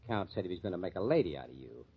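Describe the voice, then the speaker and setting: An actor playing a sarcastic, tough-talking club owner in a 1940s radio drama. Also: male voice, low voice, sing-song, racing, husky, exaggerated voice. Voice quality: sneering, tough-guy slang. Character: gruff, sarcastic male club owner, middle-aged, bitter. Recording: muffled old radio recording.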